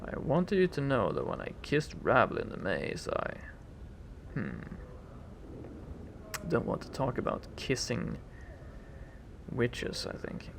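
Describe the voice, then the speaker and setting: A man's voice: medium pitch, huge pitch swings, takes it slowly, gravelly, long pauses, background noise. A man hosting a let's play, reading dialogue options and making joking asides about his choices. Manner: joking asides, self-correcting. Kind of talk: casual let's play commentary. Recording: game music playing behind.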